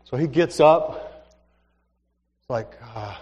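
A slow-speaking male pastor with a slightly high voice shares stories in a sermon, keeping it animated and conversational. He acts out the dialogue himself, and the recording has the echo of a reverberant hall.

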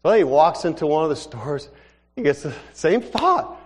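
A man preaches in a church hall, his voice rising and falling as he acts out little scenes. His pitch sits somewhat high and swings widely, and a long reverb trails every phrase. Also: normal speed. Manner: animated, conversational, acts out dialogue. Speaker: pastor. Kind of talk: sermon storytelling.

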